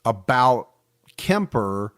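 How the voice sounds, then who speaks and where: A man hosting a true-crime podcast in casual chat, relaxed and talkative. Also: mid-range voice, drawn-out words, dry recording, clean studio sound. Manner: relaxed, chatty, fond of the listeners. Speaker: podcast host.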